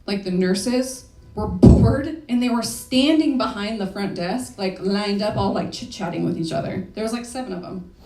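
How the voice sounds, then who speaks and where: A woman's voice: mid-range voice, normal speed, few pauses, dark tone. A young woman talking candidly and emotionally in a personal story talk, with casual swearing. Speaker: speaker. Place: event hall. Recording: echoey room from far off.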